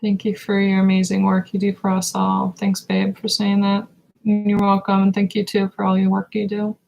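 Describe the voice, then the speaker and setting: A woman offers a live spiritual reading as an intuitive reader, her voice rough with gravel and fry. The pace is slow and meditative and the pitch stays flat and level, broken by many pauses and fillers while she gropes for words. The recording is low quality.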